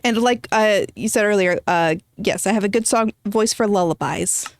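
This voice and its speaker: Woman, casual streamer chat, rambling, mid pitch, dry close mic. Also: moderate pace, dry recording. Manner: chatty, rambling, answers chat.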